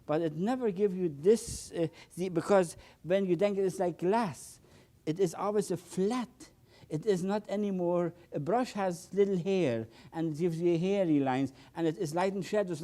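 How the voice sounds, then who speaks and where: An older man teaches painting in a mellow, warm voice, taking his time between phrases. He breaks into delighted exclamations and stumbles over his words as he works the paint. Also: sits high. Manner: enthusiastic, exclaims often, repeats words, non-native phrasing. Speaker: painting instructor. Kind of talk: painting demonstration.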